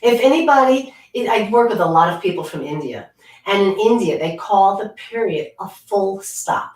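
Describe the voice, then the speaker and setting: A woman speech pathologist giving clear, demonstrative advice in a conversational interview over a video call. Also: mid-range voice, sing-song, normal speed. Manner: demonstrative, coaching tone. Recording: distant and echoey.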